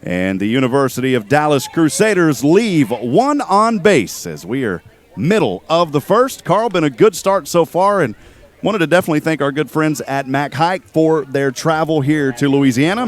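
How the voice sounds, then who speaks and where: A man calling a college softball game play by play, chatty and quick with statistics, joking with his co-host. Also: fairly high pitch. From Texas. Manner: chatty, rattles off stats, jokes with co-host. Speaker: play-by-play announcer. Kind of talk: sports play-by-play commentary. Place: outdoor softball field.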